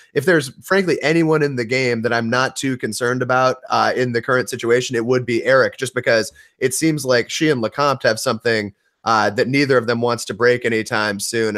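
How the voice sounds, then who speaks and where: A man's voice: mid-range voice, fairly bright tone. A man on a video call as a guest panelist, talking through his analysis with plenty of uh and like. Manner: thoughtful, analytical, hedges with uh and like. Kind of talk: casual panel discussion.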